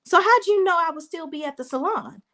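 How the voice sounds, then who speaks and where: A woman's voice: very high voice, expressive, fairly quick, sharp tone, voice pushed up, heavily acted. A woman voicing a furious young woman who confronts her betraying friend with exasperated, indignant questions.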